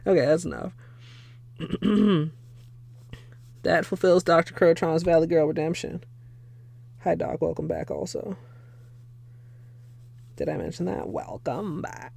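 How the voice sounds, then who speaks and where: A woman's voice: lowish voice, slow, gravelly, long pauses, warm tone, slightly rough. A young woman casually chatting on a livestream while painting her nails, swearing freely and laughing often. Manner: chatty and profane, laughs often, thanks viewers. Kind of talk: casual livestream chat while doing a manicure.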